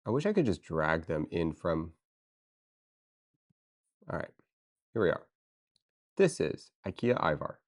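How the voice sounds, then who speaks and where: A woman chatting casually with her viewers on a live stream, excitable and playful, talking straight to chat. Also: very deep voice, measured pace, pauses often. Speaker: livestreamer.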